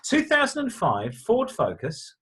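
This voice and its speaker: A man's voice: very high-pitched, unhurried, slight background noise. A middle-aged man co-hosting a car show, chatting casually through viewer letters in a jokey, stammering way. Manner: lively, jokey, stammering restarts.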